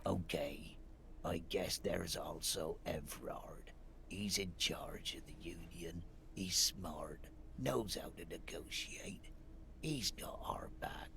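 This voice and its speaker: Brief: drowsy, curt game dock worker, low voice and unhurried delivery. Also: male voice, creaky, bright, forceful tone, in a whisper, full character voice. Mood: surly. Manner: drowsy and evasive, curt answers. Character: sleepy, surly thirty-something male dock worker.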